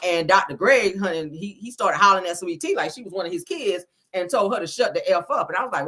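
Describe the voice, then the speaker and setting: A woman hosting a reality-TV gossip channel, telling the story in a sassy, profane, animated way. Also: fairly low pitch, quick pace, few pauses, husky. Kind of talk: casual reality-TV gossip commentary.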